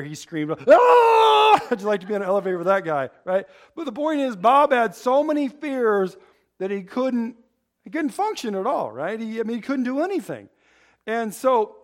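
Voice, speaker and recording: A man preaching a sermon, rambling with humorous asides and asking the congregation to fill in the words. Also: high-pitched. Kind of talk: sermon with call-and-response.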